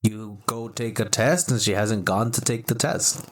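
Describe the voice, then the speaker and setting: A man's voice: on the low side, measured pace, a crowd in the background. A man from Texas co-hosting a casual podcast, rambling with lots of swearing and restarts. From Texas, United States. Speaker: podcast co-host. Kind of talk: casual profane chat.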